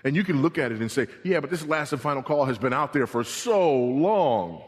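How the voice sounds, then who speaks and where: A middle-aged male pastor preaching a sermon, swinging between emphatic repeated warnings and hushed, low passages. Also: lively intonation, brisk. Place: church sanctuary. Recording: long reverb of a church hall.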